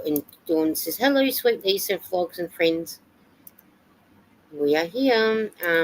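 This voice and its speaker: A woman's voice: lowish voice, expressive, takes it slowly, pauses often, low-quality recording. An Australian woman hosting a live stream, chatting casually and reading out viewer comments and weather reports. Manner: chatty, reads comments and weather aloud with fillers.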